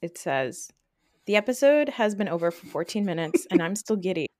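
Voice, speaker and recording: A woman hosting a podcast in casual chat, excitable and quick to laugh. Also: on the low side, no echo, clean studio sound. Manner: laughs often, gushing and excitable. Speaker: podcast host.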